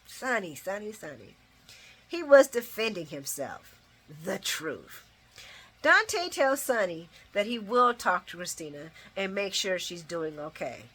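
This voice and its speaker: A woman's voice: mid-range voice, sing-song, a little slow, a bit bright, breathy edge. A woman hosting a casual soap opera recap, talking animatedly, laughing and acting out the characters' lines with slang. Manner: uses casual slang and swearing.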